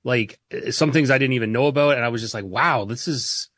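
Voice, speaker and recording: A man co-hosting a podcast interview, talking in a rambling, halting way with lots of fillers. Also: medium pitch, steady tone, a bit bright, no echo, clean studio sound. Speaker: podcast co-host. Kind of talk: casual interview chat.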